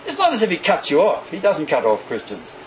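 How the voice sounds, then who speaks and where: A man preaching a sermon in an animated way, often acting out the voices of the people he quotes. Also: fairly high pitch, a little fast, a little hiss or hum, poor audio.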